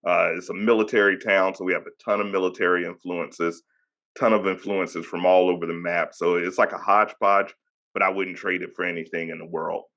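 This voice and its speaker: Low-voiced virginia guy in his 30s hosting a podcast, upbeat and chatty, hypes up his guest. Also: flat delivery, fairly quick, fairly bright tone, highs cut off. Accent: Hampton Roads Virginia. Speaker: podcast host. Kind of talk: casual podcast interview.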